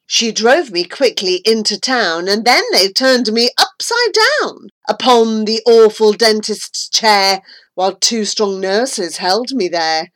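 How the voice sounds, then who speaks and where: A woman reading a rhyming storybook poem aloud with a playful, expressive delivery. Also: medium pitch, slow pace. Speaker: narrator.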